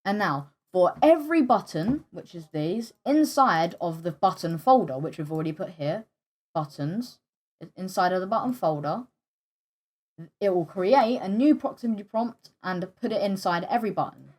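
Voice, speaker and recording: A young woman hosting a coding tutorial, hesitant and stumbling, often pausing with fillers and apologizing. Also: lowish voice, expressive, darkish tone. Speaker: tutorial host. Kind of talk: screen-recorded coding tutorial.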